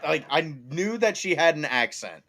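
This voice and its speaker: A man's voice: a little high, lively intonation, moderate pace, sharp tone. Laid-back man hosting a podcast. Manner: laid-back, laughs often, swears casually. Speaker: podcast host. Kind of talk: casual podcast chat.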